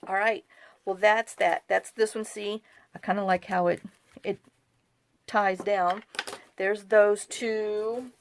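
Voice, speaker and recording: Woman crafting vlogger, mid-pitched and gravelly, rambling and apologetic, casual chat at her craft desk. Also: fairly even intonation, takes it slowly, long pauses. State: overcaffeinated.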